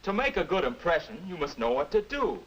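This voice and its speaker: In a 1950s educational film, an actor plays a prim, earnest adult man lecturing a teenager on table manners, instructive and moralizing. His voice sits high, very animated, a little fast and a bit bright, with an exaggerated quality, on a low-quality recording.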